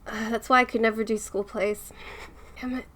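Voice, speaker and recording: A woman co-hosting a casual podcast, with a bright, sharp tone that sits a bit high. She giggles and laughs often and sounds shy and self-conscious. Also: flat delivery, fairly quick. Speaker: podcast co-host.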